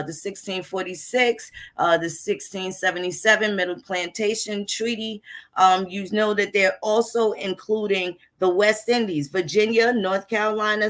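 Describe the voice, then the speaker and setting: A woman talks through old archive records in a loose, casual lecture. Her delivery is blunt and conversational, and she swears freely while explaining. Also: mid-range voice. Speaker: history channel host.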